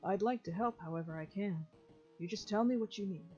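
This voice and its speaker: A woman's voice: medium pitch, a little fast, mellow, natural voice. A woman voicing a kind, humble male farmer who speaks courteously, with old-fashioned phrasing. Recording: lo-fi with faint game music.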